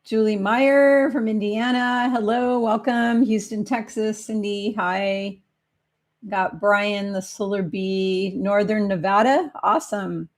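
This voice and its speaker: Casting: woman, live-stream host, chatty, unhurried delivery, stretches out greetings. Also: mid-range voice, fairly even intonation. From Minnesota. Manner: chatty, drawn-out greetings, frequent ums. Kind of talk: casual live Q&A, reading out viewer greetings.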